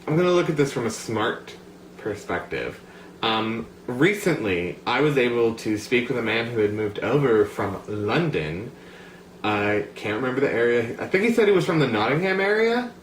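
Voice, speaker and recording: A young man from the United States talks to camera in a loose, rambling vlog, piling on "like" and "um". His voice has a middling pitch. The room is echoey, with faint ambience behind him. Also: big pitch swings, normal speed, slight background noise. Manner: chatty, rambling, filler-heavy. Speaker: vlogger. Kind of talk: casual talk to camera.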